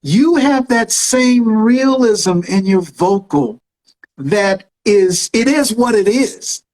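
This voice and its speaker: A man's voice: sits high, lively intonation, takes it slowly, a little mellow, low-quality recording. A man in his fifties hosting an online show, praising his guest with effusive, preacher-like cadence and talking straight to his audience. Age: 50s. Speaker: show host. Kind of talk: enthusiastic interview chat.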